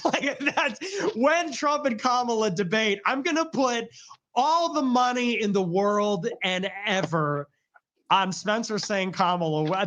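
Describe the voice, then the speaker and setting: A man with a notably high voice talks loosely on a livestream. He jokes, rambles and often breaks into laughter. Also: fairly bright tone. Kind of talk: casual livestream chat.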